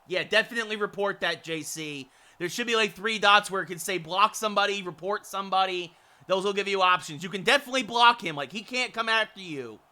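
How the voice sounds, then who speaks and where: A high, very bright male voice calls a hockey game like a broadcast announcer, with rapid play-by-play that rises into excited shouts. Between plays he answers his viewers in a relaxed, chatty way, and his tone stays clean and clear. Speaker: streamer doing play-by-play of a hockey video game. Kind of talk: mock sports commentary mixed with chat replies.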